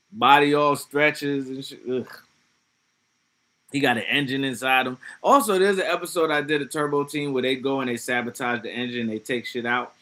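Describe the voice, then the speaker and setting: A man's voice: mid-range voice, a little fast, sharp tone. A man streaming live, chatting casually and reacting to chat comments in a loose, profane way with laughing asides. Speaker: livestreamer.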